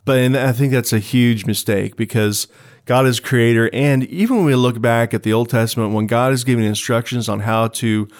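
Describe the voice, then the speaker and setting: A man's voice: medium pitch, moderate pace. A man co-hosting a faith podcast, talking casually and laughing easily. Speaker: podcast co-host. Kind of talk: casual chat.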